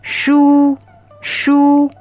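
Woman co-host, Chinese native, slow careful phrases, faint music. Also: sits high, monotone, a little mellow. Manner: slow, careful model pronunciation. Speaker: podcast co-host. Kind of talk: language lesson podcast.

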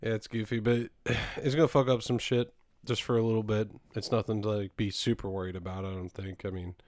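A man's voice: lowish voice, flat delivery, a little fast, darkish tone, no room sound, studio quality. A man co-hosting a casual podcast, rambling with frequent laughs and casual swearing. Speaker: podcast co-host.

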